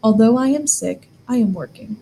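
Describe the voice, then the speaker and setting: A woman's voice: a little high, lively intonation, normal speed, gravelly, mellow, a little hiss or hum, low-quality recording. A woman teaching a German grammar lesson, explaining step by step and asking the learner questions.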